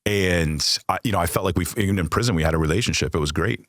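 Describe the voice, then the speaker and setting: An American man guesting on a podcast tells a personal story candidly, bluntly, and with heavy swearing. His voice is low and a bit bright, and he talks fast. The studio recording is clean, with no echo.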